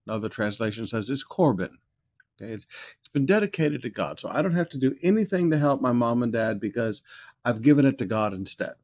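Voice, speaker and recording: A man's voice: medium pitch, lively intonation, a little fast, a little mellow. Man preaching a verse-by-verse sermon. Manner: conversational teaching, emphatic when reading scripture. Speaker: pastor.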